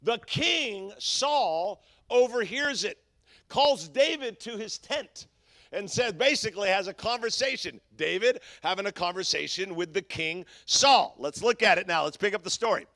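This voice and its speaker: A middle-aged man preaching a sermon as pastor, telling stories in an animated, humorous way. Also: sits high, moderate pace, no echo.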